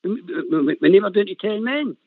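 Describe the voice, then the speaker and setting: A Scottish man on a football phone-in, bantering in an animated way and saying "man" a lot, heard over a phone line. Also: sits high, a little fast, no echo. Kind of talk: casual football phone-in chat.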